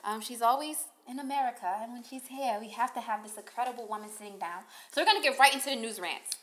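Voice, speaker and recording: Bubbly woman filling in as podcast host, a bit high, playful and teasing. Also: fast, a bit bright. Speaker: fill-in host. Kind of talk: casual podcast chat.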